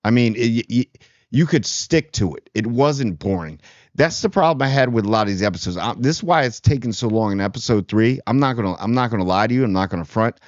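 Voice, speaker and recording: A man's voice: medium pitch, lively intonation, quick pace, no echo, lo-fi sound. A man hosting a casual TV spoiler review, rambling and sarcastic. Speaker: TV review channel host.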